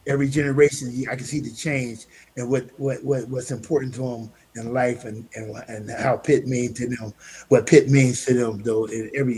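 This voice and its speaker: A man, a former pro football player, telling lively anecdotes as a podcast guest and acting out the people in them. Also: mid-range voice. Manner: animated anecdotes, acts out voices, laughs. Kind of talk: casual conversational interview.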